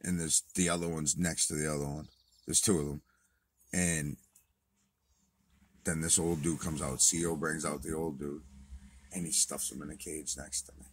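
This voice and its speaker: A man casually telling a profane story to camera, swinging from low muttering to loud outbursts. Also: normal speed, pauses often, breathy edge. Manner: profane, animated retelling, swings from muttered to shouted. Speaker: vlogger.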